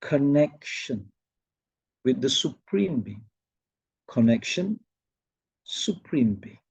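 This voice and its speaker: A man imitating a calm woman teacher, speaking softly in slow, pausing phrases and repeating key words. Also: medium pitch, creaky, husky, no echo, pitched below the performer's own voice, exaggerated voice, low-quality recording. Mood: serene, deliberate.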